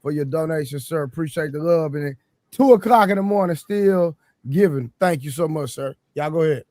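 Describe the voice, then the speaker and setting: A man with a high voice hosting a late-night stream, who keeps cutting in to restore order and thank donors. His voice is close and dry, with no room sound. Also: fairly quick, no echo. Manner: interrupting, calls for order, loud bursts. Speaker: stream host. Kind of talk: hosting a live call-in stream.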